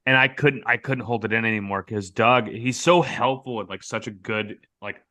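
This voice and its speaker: A man's voice: lowish voice, normal speed, a crowd in the background. An American man in casual conversation, animatedly telling a prank story and acting out the lines of the people in it. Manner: animated storyteller, acts out quotes loudly.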